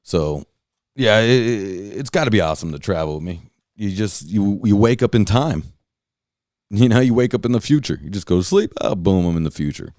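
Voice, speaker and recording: With a lowish, a little mellow voice, lively intonation and a moderate pace, a Californian man hosts a podcast in a casual, profane rant. He rambles, full of fillers and restarts, and the dry recording has clean studio sound.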